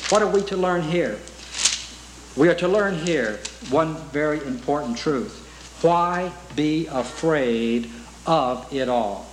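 A man's voice: on the high side, echoey room, a little hiss or hum, rough recording. A man preaching a sermon in an earnest way, asking rhetorical questions and reciting hymn lyrics.

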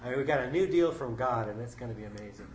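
Middle-aged male preacher, folksy and conversational, mid-pitched, roomy echo, faint room hum. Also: very fast, darkish tone. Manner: conversational, folksy, reads scripture aloud. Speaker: Bible study leader. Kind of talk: informal sermon.

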